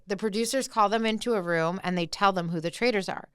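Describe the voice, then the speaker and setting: Chatty young woman, smooth dry voice. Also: medium pitch, quick pace, dry recording. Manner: animated, lots of "like" fillers. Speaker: podcast co-host. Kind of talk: casual pop-culture chat.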